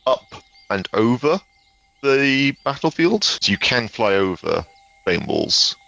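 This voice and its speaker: A man's voice: medium pitch, sing-song, slow pace, creaky, sharp tone. A man playing a tabletop game, casually explaining rules and his character's plans. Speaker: player.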